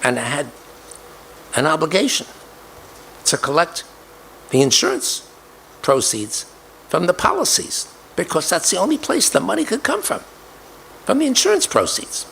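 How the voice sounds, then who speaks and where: Older man telling a story, gravelly voice. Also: on the high side, sing-song, a bit bright, a little hiss or hum, rough recording. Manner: deliberate, repeats key details for emphasis. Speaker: speaker recounting a personal story. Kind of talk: storytelling speech.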